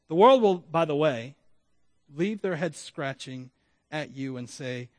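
Guy pastor preaching, kinda high voice, jokey asides, dry close sound. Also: normal speed, no echo. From Florida. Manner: animated preaching with asides and self-deprecating humor. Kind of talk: sermon.

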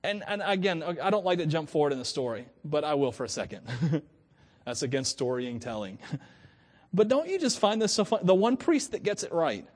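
Casting: male pastor with a high, bright voice, chatty sermon delivery, quick to laugh and play out quotes. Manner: lively, conversational, laughs often, acts out quotes.

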